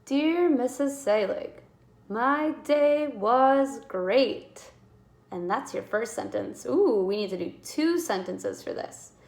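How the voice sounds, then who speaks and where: A woman teaching a kindergarten writing lesson, sounding out letters slowly and encouraging young children. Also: mid-range voice, expressive, vocal fry, mellow, reverberant.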